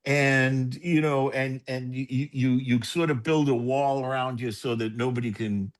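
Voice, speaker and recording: An older man hosting a relaxed podcast conversation. He speaks thoughtfully, restarting his phrases often, in a voice of middling pitch. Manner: reflective, halting with repeated restarts. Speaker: podcast host. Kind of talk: casual chat.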